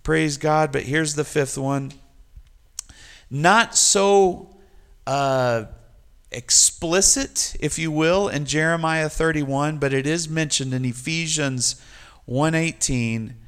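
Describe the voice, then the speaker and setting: A man's voice: a little high, takes it slowly, fairly bright tone, clear, resonant tone. A man preaching a sermon, building to emphatic repeated refrains. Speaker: pastor.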